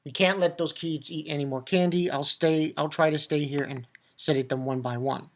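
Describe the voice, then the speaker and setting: A man recapping and reviewing a cartoon episode in a casual, excitable way, swearing freely and stumbling over restarts and fillers. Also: a little high, moderate pace. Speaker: anime reviewer.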